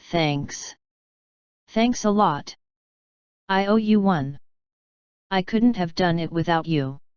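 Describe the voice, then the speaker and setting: A woman reads short example phrases for an English lesson, one after another. Her voice is very clear and her pace slow and deliberate. The recording is dry and slightly dull. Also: medium pitch, dry recording. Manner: slow, careful, evenly spaced delivery of short phrases. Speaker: English teacher. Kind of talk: reading example phrases aloud.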